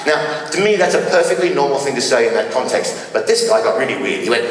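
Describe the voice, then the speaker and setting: A man doing a stand-up comedy routine at a live charity concert, telling deadpan stories and mimicking local speakers. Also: mid-range voice, fast talker, slight background noise. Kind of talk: stand-up routine with put-on accents. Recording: echoey hall, distant mic.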